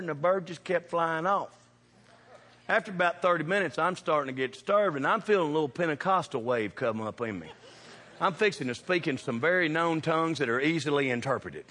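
A man preaching a sermon, telling funny stories with animated shouts and laughter. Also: on the high side. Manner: animated, shouting bursts, laughing through punchlines. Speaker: pastor. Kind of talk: humorous storytelling sermon. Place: church sanctuary. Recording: reverberant church hall.

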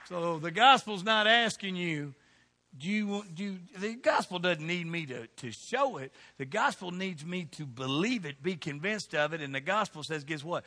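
A man preaching a sermon in church, swinging between loud calls and hushed asides. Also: fairly high pitch, animated, normal speed.

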